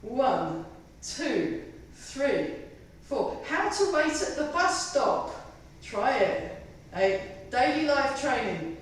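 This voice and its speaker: A woman's voice: sits high, very animated, drawn-out words, hardly any pauses, slight background noise. A woman leading a tai chi fitness class, counting reps with chatty, self-mocking asides and giggles. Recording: echoey room, voice from far off the mic.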